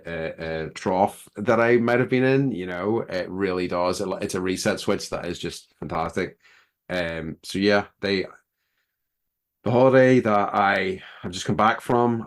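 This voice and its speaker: A man, co-hosting a podcast in loose, rambling casual chat and laughing easily. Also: low-pitched. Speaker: podcast co-host.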